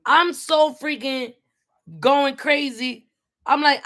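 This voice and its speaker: A middle-aged woman tells a story in an animated, streetwise way, jumping between her own voice and voices for the people she quotes. She keeps cutting in with quick homework checks for a child beside her. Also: medium pitch. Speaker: parent, vlogger. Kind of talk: casual storytelling while helping with homework.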